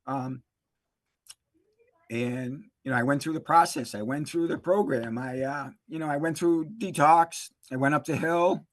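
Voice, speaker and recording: A man telling his recovery story in a halting, emotional way, full of fillers and restarts. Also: a little high, no room sound. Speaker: interview guest, recovery specialist. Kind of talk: emotional personal testimony.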